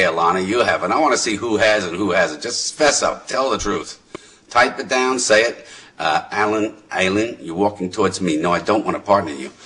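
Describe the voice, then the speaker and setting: A middle-aged man doing loose stand-up comedy, with a lowish voice that still comes across bright and forceful. He rambles, chats with the crowd and breaks into laughter at his own jokes. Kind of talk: rambling stand-up over live voice chat.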